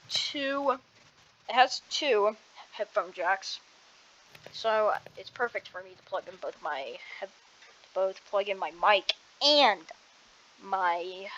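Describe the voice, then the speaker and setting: This gaming streamer's medium-pitched, slightly bright voice sounds muffled, coming through a cheap headset mic held away from her mouth. At her computer desk at home she rambles casually to herself about the game, often breaking off mid-sentence.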